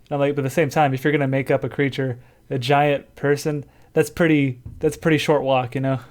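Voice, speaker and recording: Male podcast host, casual chat, easygoing and talkative, average pitch. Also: flat delivery, brisk, darkish tone. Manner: chatty, laughs easily, loose and informal.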